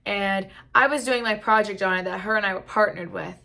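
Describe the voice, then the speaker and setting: A woman's voice: mid-range voice, a little fast, vocal fry, pushed and bright. A young woman telling a storytime vlog in a chatty way, leaning on "like" a lot. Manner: chatty, heavy use of "like". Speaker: vlogger. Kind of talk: casual storytime. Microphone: camera mic.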